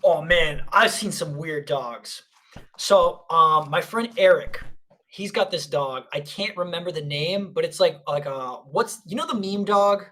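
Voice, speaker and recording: Bright, forceful co-host; casual, rambling anecdotes. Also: mid-range voice, a little slow. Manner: rambling, animated storytelling. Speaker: podcast co-host. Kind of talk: casual chat.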